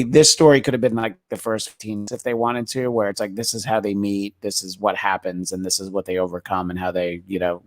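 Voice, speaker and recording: A man hosts a podcast and chats casually about movies, hesitant and often stumbling into restarts and fillers. His voice is fairly low in pitch, with no room sound.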